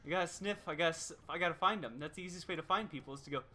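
Bright-voiced joking game streamer, a man. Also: on the high side, racing, slight background noise. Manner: jokey, chatty, laughs often. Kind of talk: playful gameplay commentary.

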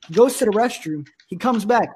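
A young man from Russia telling a profane, comic story about school in a deadpan way, acting out the people in it. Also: high-pitched, brisk, husky. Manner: profane, deadpan, animated quoting. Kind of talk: comedic storytelling.

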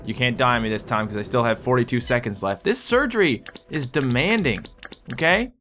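A man giving excitable let's play commentary as he plays, swearing and yelling at his patients in a surgery game. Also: medium pitch, brisk, slight background noise. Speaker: gaming video host.

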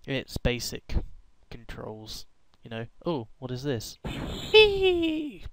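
A man's voice: medium pitch, fairly even intonation, slow, no echo, rough recording. A young man giving rambling, joking commentary while playing a game, with random outbursts and hummed tunes. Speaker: gaming YouTuber. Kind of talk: casual gameplay commentary.

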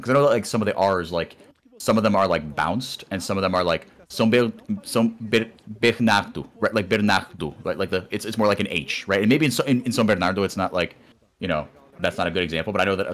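A man co-casting an esports stream, talking in rambling, animated casual chat with many restarts. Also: low-pitched. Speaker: esports co-caster.

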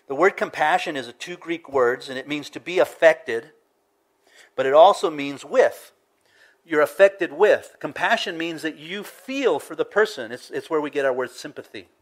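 Conversational pastor swinging loud to hushed. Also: male voice, on the high side. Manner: conversational, acts out little scenes in varied voices, swings from loud to hushed. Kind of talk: expository sermon.

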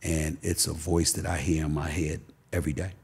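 Middle-aged New guest, emphatic storyteller, very low husky voice. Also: male voice, level tone, a little fast, darkish tone. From Queens, New York. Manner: emphatic, repeats phrases for stress. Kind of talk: candid personal storytelling.

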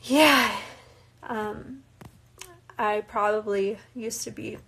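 Slow-talking young woman chatting casually. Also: mid-range voice, fairly even intonation, vocal fry, a bit bright, breathy edge. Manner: reads questions aloud then answers chattily, laughing often. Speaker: reality show cast member answering viewer questions. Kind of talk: casual live Q&A chat.

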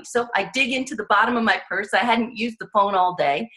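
Animated storytelling woman author. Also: medium pitch, brisk. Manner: vivid storyteller who acts out the voices in her stories; earnest and emphatic. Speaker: author and interview guest.

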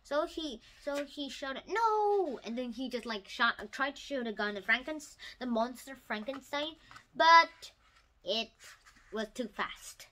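A woman casually retelling a novel for her channel, halting with restarts and bursting into loud, excited outbursts. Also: sits high, low-quality recording. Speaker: YouTube storyteller.

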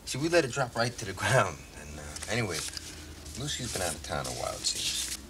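An actor playing a wisecracking American police detective in a 1980s crime drama, with a sardonic, blunt way of talking. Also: male voice, lowish voice, very animated, fairly quick, a bit bright. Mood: casual. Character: brash wisecracking American male cop. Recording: noisy 1980s TV soundtrack.

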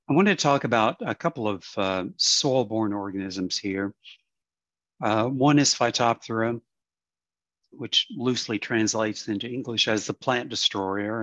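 A man presenting on plant diseases in a webinar, explaining in a halting way with many fillers and some throat clearing. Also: on the low side, fairly bright tone, dry recording, muffled recording.

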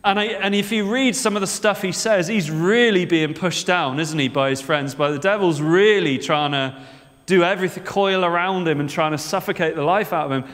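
A man's voice: high voice, moderate pace, a bit bright. Man preaching in a reverberant church. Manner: conversational, asks the congregation frequent rhetorical questions. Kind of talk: sermon.

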